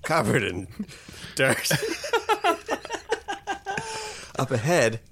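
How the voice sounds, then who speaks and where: A man telling an improvised comic story in a mock-spooky, deadpan way, as host. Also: medium pitch, extremely slow, a little hiss or hum.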